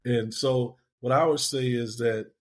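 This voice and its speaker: A man's voice: mid-range voice, fairly even intonation, unhurried. An older man speaking as a guest on a podcast panel, reflective and plain-spoken, calling himself a pessimist. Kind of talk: panel discussion.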